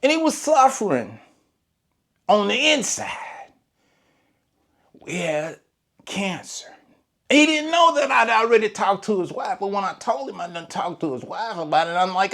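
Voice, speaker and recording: A man's voice: sits high, measured pace, long pauses. A man, a lawn care business owner, telling a story in a casual, colloquial vlog. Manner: animated storyteller, Southern colloquial speech.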